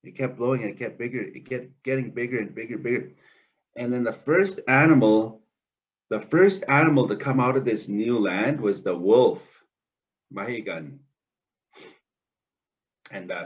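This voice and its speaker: A man's voice: mid-range voice, a little slow, long pauses, husky. A man telling a traditional story to students in a school, conversational and full of asides. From Canada. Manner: lively, conversational, many asides. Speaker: oral storyteller. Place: school classroom. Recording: dull lo-fi recording.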